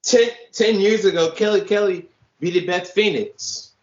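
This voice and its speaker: A man's voice: high-pitched, a little slow. A man on a podcast panel making short, matter-of-fact remarks in casual chat. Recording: roomy lo-fi audio.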